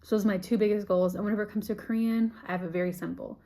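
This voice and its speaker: A woman's voice: medium pitch, fairly even intonation, very fast, dark tone. A woman in her twenties talking in a casual vlog, chatty and giggly, full of "like". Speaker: vlogger.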